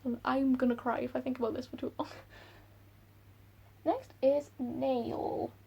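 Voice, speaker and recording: Gushing woman book vlogger, gravelly voice. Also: high voice, rough recording. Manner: gushing, excitable, quick laughs. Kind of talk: casual chat.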